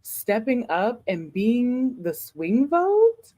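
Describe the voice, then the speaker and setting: A woman's voice: fairly high pitch, very animated, extremely slow, mellow, dull audio. A woman co-hosting a podcast in casual chat, making her points emphatically and with strong opinions. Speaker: podcast co-host.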